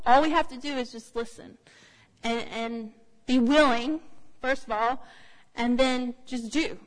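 A woman's voice: high-pitched, fairly bright tone. A woman giving a sermon in a conversational, anecdotal way, with frequent fillers. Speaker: speaker. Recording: long hall reverb.

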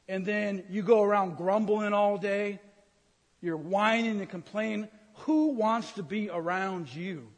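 A man's voice: sits high, a little slow. A man preaching a humorous sermon, teasing the congregation and acting out grumbling complaints. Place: church sanctuary. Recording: reverberant church hall.

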